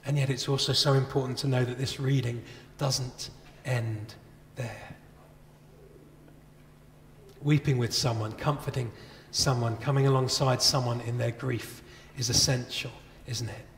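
A man's voice: mid-range voice, fairly even intonation, measured pace, a little hiss or hum. A man preaching a sermon as a pastor, earnest and conversational, asking his listeners many rhetorical questions. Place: church. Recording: echoey church with long reverb.

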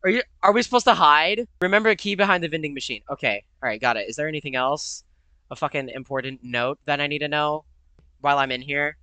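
A man's voice: a little high, fast talker, sharp tone, clear, resonant tone, no echo. A young man commenting on his own horror game play, jumpy and profane, with nervous laughter and sudden yelps. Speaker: gamer.

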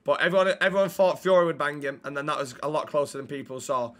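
This young streamer talks fast as he games, tossing blunt, profane remarks at his live chat through a desk mic. His voice is a little high and very bright, and his tone stays steady.

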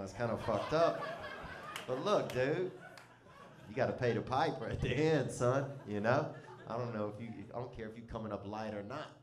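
A man's voice: lowish voice, slight background noise. Rambling, laughing comedian man, roomy sound. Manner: loose, profane, breaks into laughter. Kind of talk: rambling comic storytelling.

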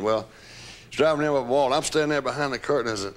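Older man, interview, animated storyteller, mid-pitched voice, laughs and swears. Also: very fast. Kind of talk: recounting stories.

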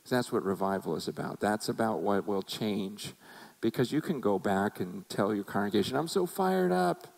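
A man's voice: lowish voice, moderate pace, darkish tone, low-quality recording. A man preaching a sermon as a pastor, conversational and emphatic, acting out quotes as he goes.

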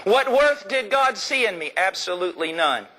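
A man preaching a sermon with passion, shifting from low earnest talk to shouted emphasis. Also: expressive, normal speed, low-quality recording.

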